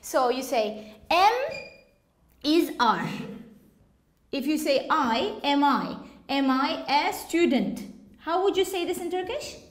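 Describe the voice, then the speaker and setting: Slow, high-voiced woman teaching English. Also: expressive. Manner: slow, patient explaining with questions to students. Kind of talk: classroom teaching. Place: classroom. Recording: echoey classroom.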